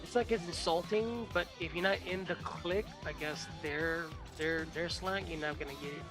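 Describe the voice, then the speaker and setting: A man's voice: a little high, fairly even intonation, normal speed, music in the background. A man chatting casually on a stream, teasing and blunt, swearing freely. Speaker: co-host. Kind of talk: casual chat.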